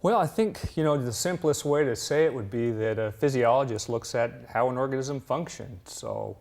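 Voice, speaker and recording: A man who is a university fish physiologist, explaining his work plainly and at a measured pace in an interview, with many fillers. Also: medium pitch, vocal fry, darkish tone.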